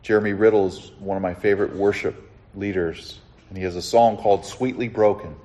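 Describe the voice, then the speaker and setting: A man preaching a sermon as pastor, speaking earnestly and dropping to a soft hush before lifting his voice to stress a point, often asking his listeners direct questions. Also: fairly low pitch, steady tone, brisk. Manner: earnest, drops to a soft hush then rises with emphasis.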